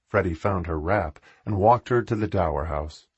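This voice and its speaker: A man narrating an audiobook in an expressive, animated reading. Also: low-pitched, normal speed, slightly rough, no echo. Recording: dull, dry recording.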